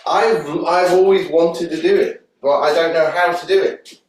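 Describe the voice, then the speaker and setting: A man's voice: fairly high pitch, steady tone, normal speed, a crowd in the background. A man from Liverpool, a fitness trainer chatting casually while coaching a workout and counting reps. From Liverpool, England. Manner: chatty, bursts into song, counts reps aloud. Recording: echoey room, voice from a distance, faint noise.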